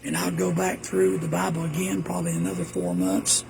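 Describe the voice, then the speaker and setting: A man's voice: on the high side, very animated, fairly quick, gravelly, over music. A man, a preacher rambling through folksy memories in a casual monologue. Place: indoors at home.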